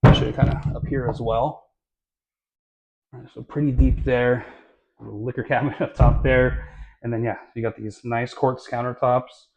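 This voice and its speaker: A real estate vlogger films a casual walkthrough of a new house on a handheld camera, moving room to room. His medium-pitched voice keeps a moderate pace, and his relaxed, chatty talk is full of fillers and small self-corrections.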